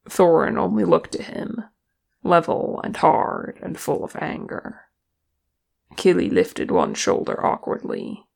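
A reader narrating a fan fiction story in a steady, measured way. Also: medium pitch, vocal fry. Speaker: audiobook reader.

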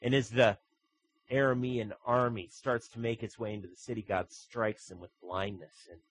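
Husky-voiced man preaching with lively swells. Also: fairly low pitch, moderate pace, poor audio. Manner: storytelling with sudden loud swells and soft drops. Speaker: pastor. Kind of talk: sermon.

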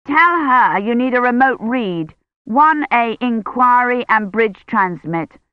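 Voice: mid-range voice, lively intonation, takes it slowly, clean tone, dry recording, voice pushed up. A reader voicing an older male academic who presses urgently for help. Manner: urgent, persuasive. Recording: dull lo-fi sound.

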